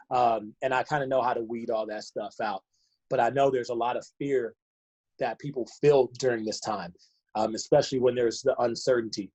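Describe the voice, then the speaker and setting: Male coach giving an earnest motivational talk, warm mellow tone, video call. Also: mid-range voice. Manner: earnest, repetitive rhetorical questions. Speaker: fitness coach.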